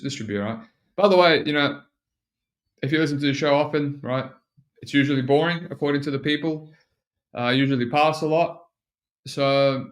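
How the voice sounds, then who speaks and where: Aussie guy rambling on his solo podcast, lots of ums and restarts, mid-pitched. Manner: rambling, self-mocking, frequent fillers and restarts. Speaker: podcast host. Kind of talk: casual solo podcast talk.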